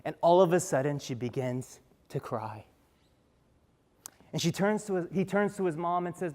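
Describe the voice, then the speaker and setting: A man's voice: a little high, moderate pace, darkish tone, in a large hall. A man giving a talk on stage, telling stories earnestly and asking the audience rhetorical questions. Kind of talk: storytelling talk.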